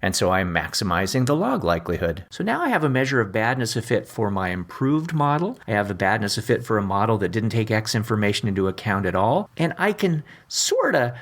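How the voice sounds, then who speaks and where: Brief: male co-host, lowish voice, patient explainer, relaxed and informal. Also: brisk, hardly any pauses. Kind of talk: casual teaching chat.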